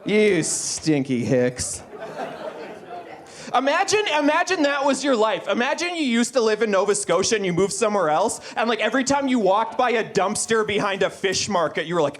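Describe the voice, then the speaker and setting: A man's voice: very high-pitched, very animated, normal speed, fairly bright tone. A man doing a stand-up roast on a comedy club stage, brash and mocking, laughing at his own jokes. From Manitoba, Canada.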